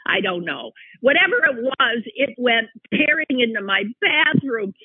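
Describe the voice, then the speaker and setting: A man telling a personal anecdote in an animated, exclaiming way, breaking off and restarting mid-sentence. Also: very high voice, measured pace, husky, dry recording. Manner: animated, exclaiming, self-interrupting. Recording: tinny phone-like line, dry.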